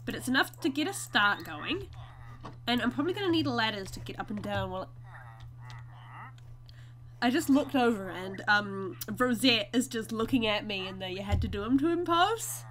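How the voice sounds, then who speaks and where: A woman narrates her game to viewers in a chatty, giggly way. Her voice sits high and swoops around animatedly, with a bright, sharp tone. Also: animated, moderate pace. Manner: chatty, giggly, talks to viewers while playing. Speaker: gaming video host. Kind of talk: casual let's-play commentary.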